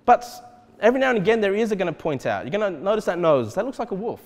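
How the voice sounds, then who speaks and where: Male pastor, expressive preaching, wide-ranging pitch, reverberant church sound. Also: racing. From Australia. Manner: animated, repeatedly checks in with "okay?". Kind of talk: expository sermon.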